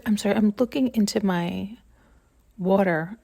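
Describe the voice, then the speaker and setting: Speaking at normal speed with a steady, warm, medium-pitched voice touched by vocal fry, a woman muses intuitively on her podcast. She rambles and searches for words, restarts herself, and at times sounds close to tears.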